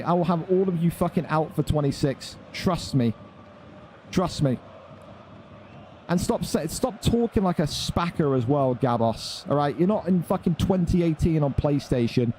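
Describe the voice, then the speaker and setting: A man's voice: fairly high pitch, dark tone, slight background noise. Irritated swearing streamer man. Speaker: esports tournament streamer. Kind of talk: angry ranting at chat on stream.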